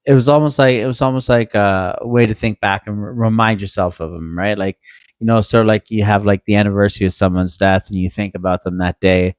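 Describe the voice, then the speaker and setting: Easygoing guy with a lowish voice, joking around on a podcast, lots of likes and you knows. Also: steady tone, fairly quick, clean tone, dry recording. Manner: easygoing, joking, many fillers. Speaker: podcast co-host. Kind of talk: casual chat.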